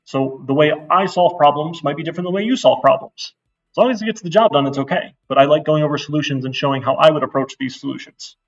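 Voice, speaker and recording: A man's voice: on the high side, quick pace, recorded from a distance, lo-fi sound. A middle-aged man giving a casual, blunt course intro lecture to a class, getting worked up as he talks. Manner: blunt, chatty, gets worked up. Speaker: university instructor.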